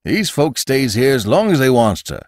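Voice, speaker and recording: A man's voice: medium pitch, sing-song, moderate pace, dry recording, clean studio sound, pitched above the performer's own voice, lightly acted. Man doing a blunt rustic landlord, commanding, country grammar, storybook. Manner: blunt, ungrammatical country speech.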